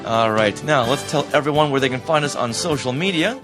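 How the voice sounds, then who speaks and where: A man from the Boston area co-hosting a podcast in casual chat, enthusiastic and quick to laugh. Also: medium pitch, expressive, music in the background. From Boston area, USA. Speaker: podcast co-host.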